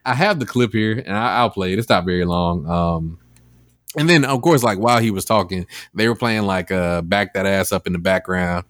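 A man with a lowish voice hosts a casual podcast, wandering through a story with plenty of ums and likes. The sound is dry and close, with no room around it. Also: moderate pace, dry recording. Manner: rambling with many fillers, animated retelling. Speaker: podcast host. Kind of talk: casual chat.

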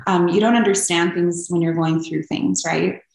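A woman's voice: fairly low pitch, steady tone, moderate pace, vocal fry, darkish tone. A young woman telling her personal story as an interview guest, earnest and open, with frequent ums. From Canada. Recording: echoey room.

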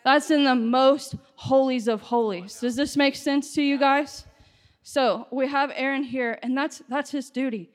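A woman delivers a sermon in a high voice, climbing from steady teaching to impassioned shouting. The words ring out with a long reverb that fills the hall. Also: a little slow, few pauses. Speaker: preacher.

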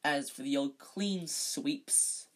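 Boastful teen captain, read aloud by a storyteller, offhand and breathy. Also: mid-range voice, slow. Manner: careless, boastful.

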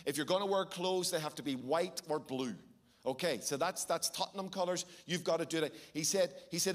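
A middle-aged man with a Belfast accent, preaching a sermon and telling a lively story with shifting pace for emphasis. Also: fairly high pitch, brisk. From Northern Ireland. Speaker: pastor.

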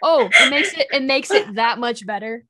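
Woman, supportive and reassuring, bright voice, rather high. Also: expressive, moderate pace. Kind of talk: casual podcast chat.

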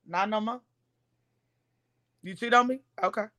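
Opinionated woman co-host, plainly pitched. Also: unhurried, sharp tone. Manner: opinionated, lays out her views step by step. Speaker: podcast co-host. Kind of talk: casual chat.

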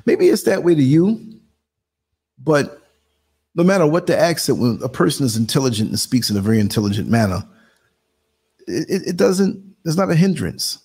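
A man's voice: fairly high pitch, big pitch swings, moderate pace, pauses often, a little mellow, husky. A man with a New York accent hosting a casual live stream, chatting to viewers and muttering asides as he works the computer. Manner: conversational, muttering asides while working the computer. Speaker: live show host. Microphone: computer streaming setup.

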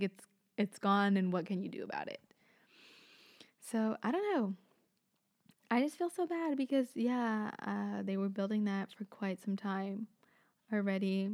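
A woman's voice: medium pitch, a little mellow. Rambling young woman podcaster. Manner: rambling, filler-heavy, swears casually. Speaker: podcast host.

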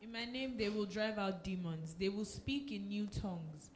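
Woman scripture reader, steady and even, roomy echo, faint hiss. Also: mid-range voice, normal speed. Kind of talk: reading scripture aloud. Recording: echoey room with faint noise.

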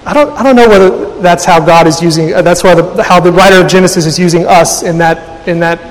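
A man's voice: high voice, fairly quick. A man preaching a sermon in a thoughtful way, often restarting and repeating words as he works through an idea. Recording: long hall reverb.

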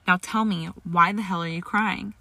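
A sneering, cruel young wizard, read by a woman who barks demands and mocks. The voice is bright and gravelly, with a dry, close sound. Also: lowish voice, steady tone, moderate pace, no echo. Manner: demanding, mocking.

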